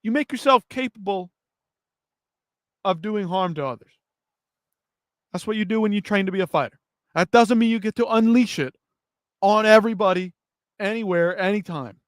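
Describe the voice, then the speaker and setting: A man's voice: sits high, normal speed, pauses often, no echo, clean studio sound. A man hosting a live fight-news stream, ranting and swearing in heated commentary. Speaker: MMA news show host.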